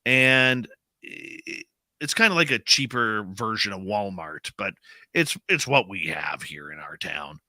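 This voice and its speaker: A middle-aged man chatting on a radio show, telling a story with a very lively, swooping pitch. His voice is bright and forward, and it sounds dry and close to the mic. He acts out every quoted line. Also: measured pace, dry recording. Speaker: radio host. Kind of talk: casual storytelling chat.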